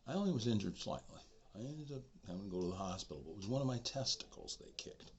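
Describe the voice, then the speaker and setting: Brief: man in his sixties, animated storyteller, wide pitch swings, dull lo-fi recording. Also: fast, husky. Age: 60s. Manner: animated, swings from shouting to whispering. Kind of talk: personal story monologue. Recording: dull lo-fi recording with faint noise.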